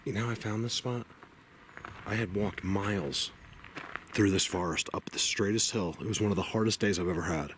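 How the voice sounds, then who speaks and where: A man walking through a forest and talking to his camera, rambling and excitable with lots of fillers, a bit out of breath. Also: lowish voice, normal speed. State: slightly out of breath. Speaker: outdoor video blogger. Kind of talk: casual walking commentary. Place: outdoors in a forest. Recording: noisy outdoor field recording.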